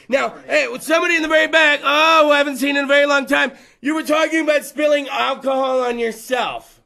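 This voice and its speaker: A man, hosting a live comedy show in front of a bar crowd, loud, rambling and crude as he riffs with the audience. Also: extremely high pitch, fairly even intonation, fast, gravelly. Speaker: host.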